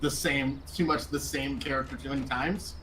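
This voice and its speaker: A man's voice: medium pitch, fairly even intonation, moderate pace, bright, forceful tone, a little hiss or hum. A man on a gaming stream giving blunt, swear-filled remarks about the game. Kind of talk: let's play banter.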